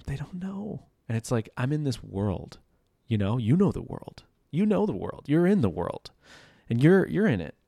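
A man's voice: on the low side, vocal fry, darkish tone, no echo, studio quality. A man in his thirties talking casually in a loose, rambling monologue, full of "like" and "you know", as a podcast host.

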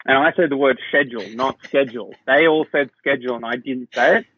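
A man's voice: mid-range voice, fast, bright, forceful tone, husky, no room sound. A young Australian man chatting as a podcast guest, rambling and restarting his sentences as he tells stories. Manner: rambling, self-interrupting storyteller with fillers. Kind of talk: casual chat. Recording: dull lo-fi sound.

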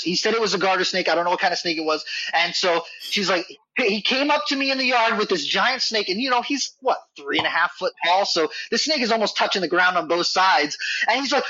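A man's voice: high-pitched, expressive, brisk, hardly any pauses, bright, forceful tone, dry recording. A man guesting on a podcast, telling a casual, rambling story full of "like" and "you know.". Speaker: podcast guest, reptile facility worker. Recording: dull, dry lo-fi audio.

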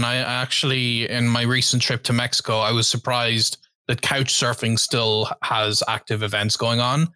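A man co-hosting a casual video chat, explaining things in a measured way. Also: medium pitch, pushed and bright, no room sound. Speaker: co-host, language learner.

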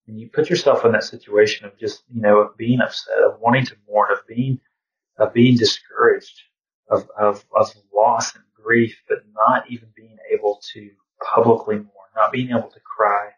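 A man's voice: on the low side, level tone, normal speed, fairly bright tone. A man leading an informal Bible study, talking in a reflective, conversational way and often saying "you know". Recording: distant, dull lo-fi sound.

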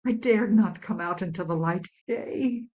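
A woman voicing a frightened old townswoman, breathless and halting as she tells what she saw. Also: medium pitch, a little mellow, dull audio, natural voice. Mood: fearful. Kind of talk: storytelling.

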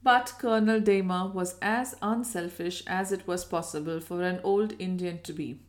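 Soft-spoken woman narrating a classic tale. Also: fairly low pitch, fairly even intonation, normal speed. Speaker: audiobook narrator. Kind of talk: scripted narration.

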